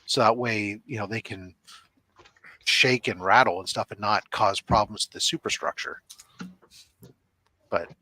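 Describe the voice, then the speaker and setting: A man's voice: fairly low pitch, unhurried, pauses often, sharp tone, no echo. A man hosting a casual online panel chat, rambling and explaining things at length with lots of asides. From California. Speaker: podcast host. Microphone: video call.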